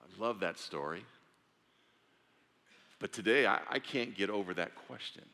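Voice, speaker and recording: Bright-voiced preacher in a big echoing hall. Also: male voice, lowish voice, measured pace. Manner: dramatic storytelling, acting out voices in the story. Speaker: pastor. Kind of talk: sermon.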